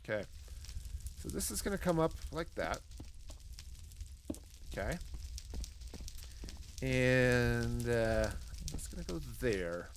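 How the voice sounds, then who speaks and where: A man's voice: medium pitch, sing-song, slow, long pauses, slight background noise. A man streaming a building game, rambling and joking as he talks to himself and greets his chat. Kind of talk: casual live gameplay commentary.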